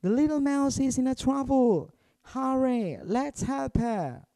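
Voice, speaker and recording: A man voicing a sweet, charming young male mouse who talks softly and flatteringly. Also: very high-pitched, slow, clean tone, pitched above the performer's own voice, exaggerated voice. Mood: urgent. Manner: soft and flattering.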